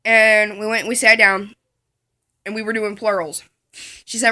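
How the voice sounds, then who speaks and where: A woman's voice: mid-range voice, little pitch movement, a little slow, bright, forceful tone. A woman telling a comic story from her school days, rambling along and giggling at her own jokes.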